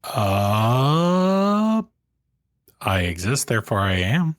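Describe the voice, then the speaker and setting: A man chatting on a casual podcast, laid-back with deadpan quips. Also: mid-range voice, extremely slow, no echo. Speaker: podcast co-host.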